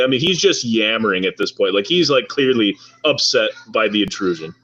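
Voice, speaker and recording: A man's voice: lowish voice, animated, a little fast, few pauses, a bit bright, breathy edge, dull audio. A man acting as game master, narrating a tabletop game in a casual, profane way.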